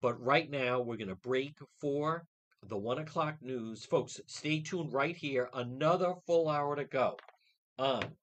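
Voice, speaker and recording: A man hosting a radio talk show, ranting indignantly and mocking others' words in quick put-on quotes. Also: mid-range voice, a bit bright.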